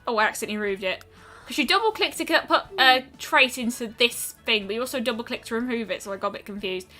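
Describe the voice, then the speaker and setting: A woman's voice: on the high side, animated, fast talker, pushed and bright, faint music behind. A woman streaming a game, musing aloud in casual commentary with lots of ums and trailing thoughts.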